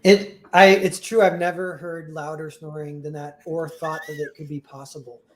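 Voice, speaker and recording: A man's voice: a little high, little pitch movement, moderate pace, heavy background noise. A young man chatting on a livestream, rambling with lots of "like" and restarts, chuckling as he talks. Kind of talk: casual livestream chat.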